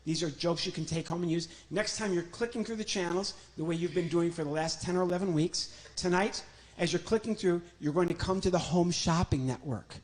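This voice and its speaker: A man's voice: sits high, brisk, few pauses. A ventriloquist comedian from Illinois, a man doing a chatty, joking live act on a church stage and talking to his puppet.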